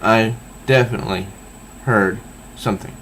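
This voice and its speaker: A man's voice: fairly low pitch, normal speed, fairly bright tone, a little hiss or hum. A man casually reviewing a comic book, reading panels aloud with easygoing, enthusiastic asides.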